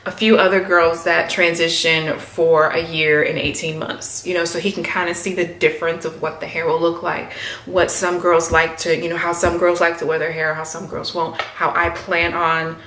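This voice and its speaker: A woman's voice: fairly low pitch, level tone, moderate pace, fairly bright tone, a little hiss or hum. A woman in her thirties chatting casually to camera about her hair, with many fillers and voiced quotes. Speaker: hair vlogger. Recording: echoey room.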